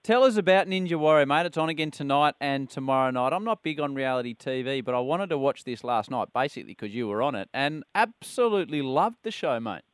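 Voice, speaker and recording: A man's voice: mid-range voice, expressive, fairly quick, few pauses, clean tone, dry recording. An Australian man hosting breakfast radio from a studio, keen and blunt in casual chat. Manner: enthusiastic, blunt. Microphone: studio mic.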